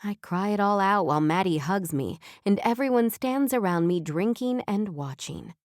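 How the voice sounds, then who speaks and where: A woman narrating a romance audiobook in first person, reading evenly and clearly in a studio. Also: medium pitch, lively intonation, normal speed, a little mellow, dry recording.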